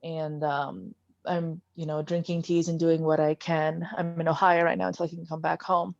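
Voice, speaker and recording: A woman participant sharing a personal story in a casual, chatty way with quick asides. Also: low voice, little pitch movement, vocal fry, darkish tone, dry recording, highs cut off.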